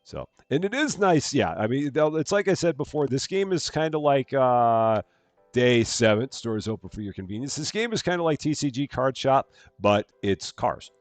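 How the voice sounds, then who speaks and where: Man, game streamer, live play-by-play, chatty, thanks viewers, animated delivery, dry close sound. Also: medium pitch, normal speed, no room sound, soft background music. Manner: chatty, talks through his moves and thanks viewers. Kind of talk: live gameplay commentary.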